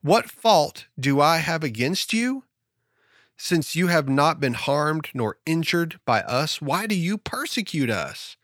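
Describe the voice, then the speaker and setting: A man's voice: a little high, big pitch swings, slow pace, a bit bright, no room sound, studio quality, pitched above the performer's own voice, exaggerated voice. A man reading aloud the lines of the first man, solemn and reproachful.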